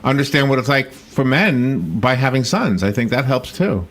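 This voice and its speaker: A man hosting a radio interview, halting and folksy, often correcting himself. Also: mid-range voice, expressive, fairly bright tone. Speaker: radio host.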